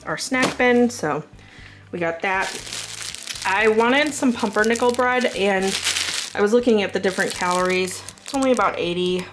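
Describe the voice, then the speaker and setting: A woman's voice: medium pitch, normal speed, over music. A woman in her thirties with a Southern US accent, chatting casually and rambling through a grocery haul with lots of fillers. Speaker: vlogger showing a grocery haul. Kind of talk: casual chat.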